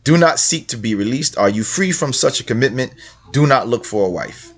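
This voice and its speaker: A man's voice: medium pitch, lively intonation, fairly quick. A man hosting religious commentary, reading passages aloud and repeating his points with rhetorical questions in a casual way. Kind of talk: casual screen-share commentary.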